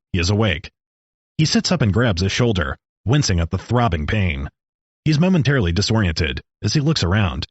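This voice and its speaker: Guy reading a story out loud, husky, kinda low, muffled dry audio. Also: dry recording. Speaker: narrator.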